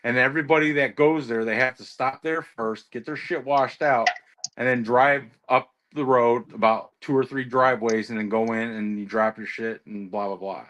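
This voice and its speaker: A man's voice: mid-range voice, steady tone, normal speed, fairly bright tone. A man who drives trucks, chatting casually and telling stories while swearing heavily. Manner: heavy swearing, ranting storyteller. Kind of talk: casual chat.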